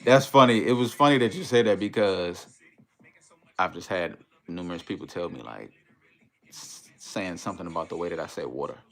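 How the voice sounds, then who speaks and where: Deep-voiced laid-back man. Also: animated, normal speed. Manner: laid-back, reads viewer comments aloud and greets them. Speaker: livestream host. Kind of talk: casual livestream chat.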